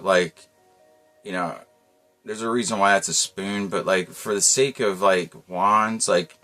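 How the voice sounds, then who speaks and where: A man's voice: fairly low pitch, fairly bright tone. A man giving a casual tarot reading, talking in a loose, rambling way with lots of slang and frequent chuckles. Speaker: tarot reader.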